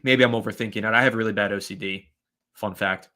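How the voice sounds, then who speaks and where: A man hosting a live fan stream, chatting casually, rambling and shouting out viewers by name as he reads their comments. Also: lowish voice, fairly even intonation, quick pace.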